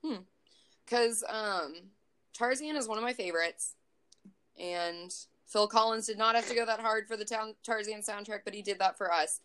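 A woman's voice: mid-range voice, normal speed, a bit bright, clear, resonant tone. A woman co-hosting a casual chat, playful and teasing, laughing often. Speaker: podcast co-host.

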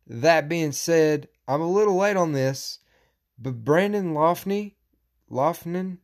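A man hosting a combat-sports podcast, talking casually and profanely, breaking into loud, animated rants. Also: on the high side. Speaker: podcast host.

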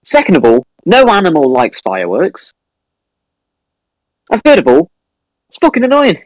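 A man's voice: on the high side, normal speed, dry recording, rough recording. A young man co-hosting a casual podcast, ranting and swearing a lot. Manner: animated ranting, heavy swearing. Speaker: podcast co-host. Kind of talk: casual chat. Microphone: home computer mic over a voice call.

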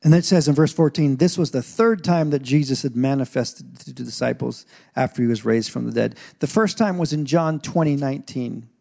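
A man who is a pastor, preaching a sermon in an animated way with asides and rising intensity. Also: medium pitch, a little fast, gravelly. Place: church stage.

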